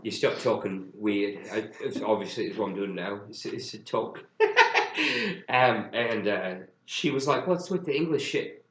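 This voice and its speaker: A man's voice: lowish voice, unhurried, a bit bright, roomy sound, low-quality recording. A young man co-hosting a casual podcast, telling funny stories and acting out what people said, often breaking into laughter. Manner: laughing storyteller, acts out quotes. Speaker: podcast co-host. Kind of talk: casual chat.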